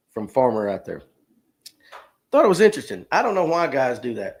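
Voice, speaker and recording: A man's voice: on the high side, big pitch swings, moderate pace. A man, hosting a casual live stream, joking and reading viewer comments aloud. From Georgia, US. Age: 50s. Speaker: livestream host.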